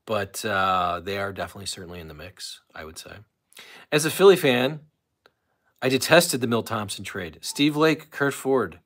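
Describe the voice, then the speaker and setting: A man's voice: fairly low pitch, lively intonation, normal speed, fairly bright tone. A man hosting a casual solo live stream, rambling along and reading out viewers' comments. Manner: rambling, chatty, reads out chat comments.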